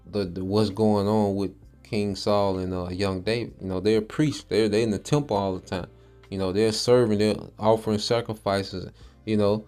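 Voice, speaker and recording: A man's voice: fairly low pitch, darkish tone. A man teaching a Bible passage in a casual, slangy, conversational way, reading scripture and checking in with listeners.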